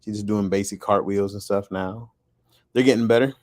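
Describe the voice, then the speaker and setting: A man's voice: lowish voice, steady tone, normal speed, no echo, studio quality. A man chatting casually on a podcast, rambling and joking as he tells stories. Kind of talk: casual chat.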